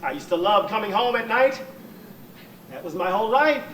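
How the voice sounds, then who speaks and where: A man's voice: high-pitched, lively intonation, moderate pace, a bit bright. An actor playing a fussy, sentimental divorced man who rambles tearfully and keeps apologizing, performed live on a church stage. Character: fussy, weepy divorced man, gentle and fretful. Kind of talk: live stage comedy acting. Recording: echoey hall, distant room mic, faint noise.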